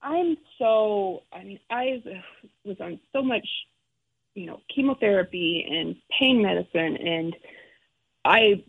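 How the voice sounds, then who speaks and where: A middle-aged woman, a guest, telling an emotional personal story in halting, restarting speech. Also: medium pitch, expressive, creaky, slightly rough. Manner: halting, restarts often, acts out quoted relatives. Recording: phone-like narrow sound.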